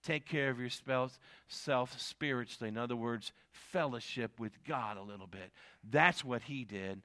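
A man preaching a sermon, reading scripture aloud and swinging from quiet asides to emphatic, raised declarations. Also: mid-range voice, normal speed. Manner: reads scripture in archaic phrasing, repeats key lines.

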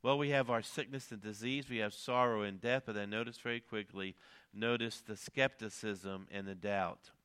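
A man's voice: lowish voice, fairly even intonation, moderate pace, fairly bright tone, smooth. A middle-aged man preaching a sermon as a pastor, earnest, with frequent hesitations and sudden emphatic rises.

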